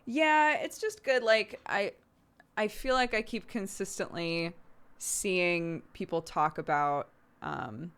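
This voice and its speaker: A woman's voice: mid-range voice, slow pace, a bit bright, clean tone. A woman who streams and voice-acts, chatting casually with her viewers and laughing often. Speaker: streamer and voice actor. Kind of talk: casual chat answering chat.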